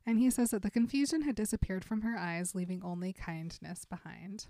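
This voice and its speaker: A woman in casual chat, summing up a story's scenes with lots of laughter and quick quoted lines. Her voice sits in a middle register and is recorded close, dry, with no room sound around it. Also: mid-range voice, no echo. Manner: animated storyteller who laughs often and quotes characters in passing. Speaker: podcast co-host retelling a novel.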